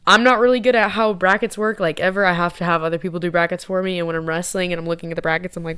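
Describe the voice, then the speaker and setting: A woman's voice: lowish voice, fairly even intonation, racing, few pauses, fairly bright tone, clear, resonant tone. A young woman chatting casually to camera as a vlogger, rambling, giggly and poking fun at herself. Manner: rambling, giggly, self-mocking.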